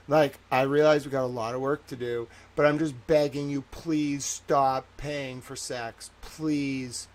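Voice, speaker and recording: Man, Boston accent, livestream host, gravelly voice, heated pleading rant, swearing. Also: mid-range voice. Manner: pleading and repetitive, swearing, slows to stress each word. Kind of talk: impassioned solo livestream rant.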